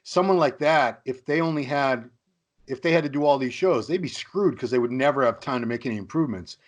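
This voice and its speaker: A man's voice: medium pitch, fairly quick. A man hosting an interview, chatty, asking long looping questions. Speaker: interview host, magazine editor. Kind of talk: casual interview talk.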